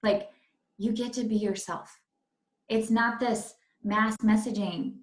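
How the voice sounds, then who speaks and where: A woman on a team call, sharing thoughts with her teammates in a warm, unhurried way. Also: a little high, steady tone, roomy sound. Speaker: team member. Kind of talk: casual call chat.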